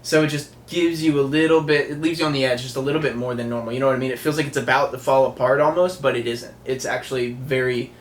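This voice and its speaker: A man's voice: mid-range voice, fairly even intonation, fast, hardly any pauses. A man working as a music producer, reacting in casual commentary, thinking aloud with lots of filler words. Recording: echoey room with faint music behind. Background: faint music.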